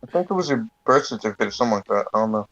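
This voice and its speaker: A young man chiming in loudly and emphatically during a casual chat among friends. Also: on the low side, animated, very fast. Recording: dull lo-fi audio.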